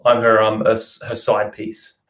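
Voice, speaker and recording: A man's voice: lowish voice, completely flat delivery, unhurried, a bit bright. A young Australian man chatting casually on a live stream, reading out and answering viewer comments. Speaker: vlogger.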